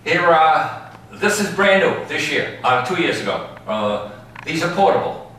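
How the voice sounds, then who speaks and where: A man with a bright voice leads a tour through a big ballpark, spinning stories and checking in with "okay?" after his points. He was recorded from a distance, so his voice rings with heavy echo over faint background noise. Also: on the high side, sing-song, unhurried. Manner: storytelling, tags lines with "all right?" and "okay?". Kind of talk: guided tour talk. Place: outdoors in a large ballpark.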